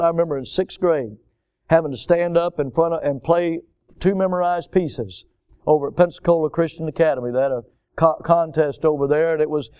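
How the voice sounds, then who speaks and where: A man's voice: on the high side, darkish tone, clean tone, lo-fi sound. A man preaching a sermon, emphatic, repeating words and phrases for stress.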